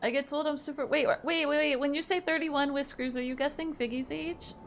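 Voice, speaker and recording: A woman's voice: high-pitched, fairly even intonation, a little fast, gravelly, slight background noise. A woman in her thirties casually chatting with viewers on a live stream, laughing easily and reading their messages aloud. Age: 30s.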